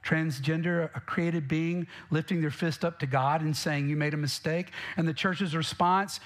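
A man's voice: on the high side, fairly even intonation, moderate pace, few pauses. A man preaching a sermon as pastor, emphatic and direct, often asking the congregation questions.

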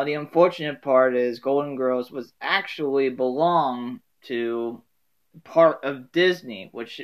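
Rambling sitcom fan, casual, apologetic, mid-pitched voice.

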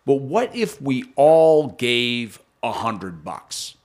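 A man co-hosting a podcast, arguing in casual debate and quick to interject with agreement. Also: mid-range voice, very animated. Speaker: podcast co-host.

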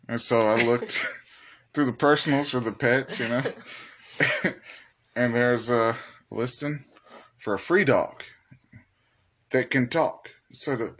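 A podcast host telling a silly story in a casual, profane way, laughing often. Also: male voice, mid-range voice, slow pace, pauses often, fairly bright tone. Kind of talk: comic storytelling.

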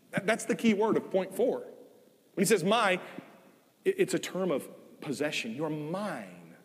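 An older guest preacher delivers a sermon in a church sanctuary, his higher-side voice swinging up and down in lively pitch. He hits key words hard, then eases into soft, drawn-out phrases that trail off in a long hall reverb.

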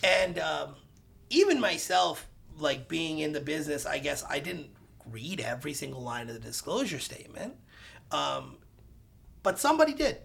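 A man, a realtor guest on a podcast, telling a story in a casual, animated way, acting out the dialogue and getting loud at the punchlines. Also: on the high side, moderate pace, gravelly, husky.

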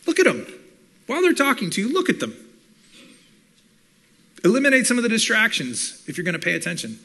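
A man preaching a sermon on listening, teaching with animated delivery and acting out what listeners might say. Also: high voice, fairly quick, slightly rough. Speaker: pastor and communications professor.

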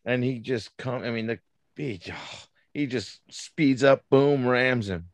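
A man's voice: mid-range voice, measured pace, dry recording. A man in casual podcast chat, laid-back and slangy, laughing along.

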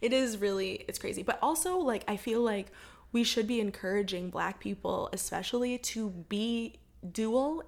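A young American woman in relaxed podcast conversation. She thinks aloud in loose, filler-heavy sentences and laughs easily. Her voice sits in an ordinary middle range. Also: mid-range voice, a little fast, gravelly. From United States. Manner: chatty, thoughtful, frequent "like" fillers, laughs often. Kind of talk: casual conversation.

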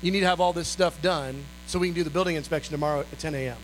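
Guy putting on a lower, drawly fire inspector, casual and bureaucratic, lots of ums. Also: racing, slight background noise, natural voice, low-quality recording. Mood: offhand. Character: offhand middle-aged male fire inspector, bureaucratic.

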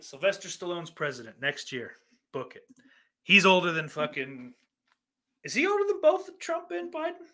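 A man's voice: on the high side, sharp tone. A man hosting a podcast, reading out listener questions in a rambling, profane and sardonic way. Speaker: podcast host.

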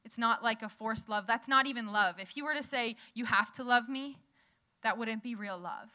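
A woman's voice: a little high, brisk, bright, forceful tone, clean tone. A young woman preaching a sermon in a conversational way, laughing often and telling stories with animation.

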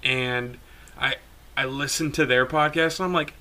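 A man's voice: medium pitch, steady tone, moderate pace, bright, forceful tone. A man co-hosting a casual podcast, giggly and loose, swearing freely. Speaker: podcast co-host. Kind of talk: casual chat.

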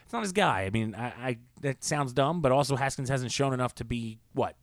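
A man co-hosting a casual sports podcast, talking in opinionated, rambling takes with quick asides. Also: medium pitch, lively intonation, no echo. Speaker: podcast co-host.

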